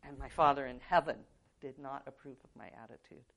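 A woman's voice: a bass voice, steady tone, a little fast, a bit bright. A middle-aged woman from California teaching biblical counseling, talking earnestly and conversationally as she shares a personal story. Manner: earnest, conversational, frequent "um" and "right?". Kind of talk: teaching talk with personal testimony.

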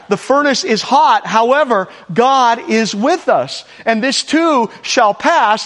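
High-voiced pastor preaching in a reverberant hall. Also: male voice, fairly bright tone. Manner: earnest preaching, rhetorical questions, repeated lines. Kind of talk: sermon. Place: church sanctuary.

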